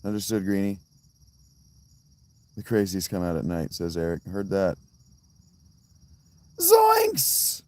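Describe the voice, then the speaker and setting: A man's voice: low-pitched, fairly even intonation, normal speed, pauses often, mellow. A man chatting casually on a live stream outdoors by a fountain, answering viewers' comments in a rambling, tangential way with many restarts. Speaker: livestreamer reading chat.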